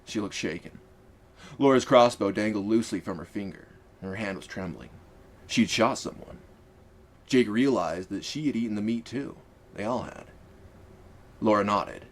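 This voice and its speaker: A man's voice: on the low side, moderate pace, long pauses. Wry male audiobook narrator. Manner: wry, casual storytelling. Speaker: author and narrator.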